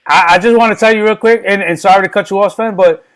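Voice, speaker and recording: A man's voice: high-pitched, fast, fairly bright tone. A man guesting on a casual podcast, talking candidly and rambling, often repeating words.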